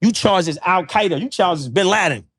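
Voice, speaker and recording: A man's voice: sits high, animated, brisk, fairly bright tone, breathy edge, dry recording, clean studio sound. A man who is a podcast guest, lecturing in casual chat with emphatic, profane street slang. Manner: preachy, lecturing.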